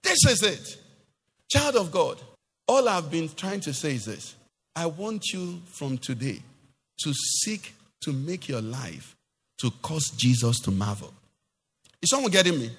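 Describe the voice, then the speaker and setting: A male pastor preaching with strong emphasis, his pitch swinging widely, sometimes lifting into song or a shout. His voice sits high for a man. It rings through a church with a long reverb tail. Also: sing-song, a little slow, husky. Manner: emphatic preaching, asks the congregation questions; sings some phrases, rises to shouts. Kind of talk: sermon.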